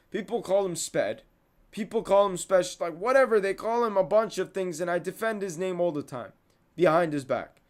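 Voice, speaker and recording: A young man hosting a podcast, venting in a casual monologue, heated and repeating himself. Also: high voice. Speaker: podcast host.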